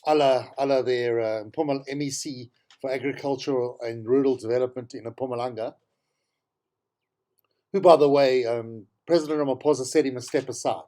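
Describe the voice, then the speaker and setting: A man's voice: medium pitch, steady tone, normal speed, mellow. A man with a South African accent hosting a talk show, giving an exasperated, sarcastic commentary on politics and repeating himself for emphasis. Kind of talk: opinionated political commentary monologue.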